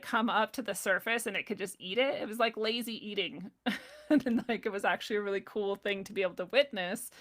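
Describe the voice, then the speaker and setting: A woman's voice: fairly high pitch, fairly bright tone. Chatty woman telling a story, laughing often. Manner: chatty, laughs often, many "like" fillers, acts out her own past lines. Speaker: vlogger. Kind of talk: casual storytelling.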